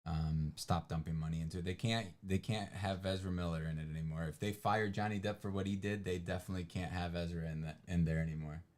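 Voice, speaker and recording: A man's voice: sits low, fairly even intonation, fast talker, hardly any pauses, a little mellow. A man co-hosting a livestream, chatting casually and rambling, often trailing off with fillers. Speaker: livestream co-host. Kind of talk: casual chat.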